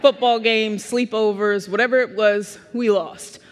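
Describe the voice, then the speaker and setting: A woman in her thirties giving a humorous, self-mocking personal talk as a keynote speaker, with animated delivery and comic timing. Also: medium pitch, unhurried, few pauses, long reverb tail. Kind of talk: humorous personal storytelling speech.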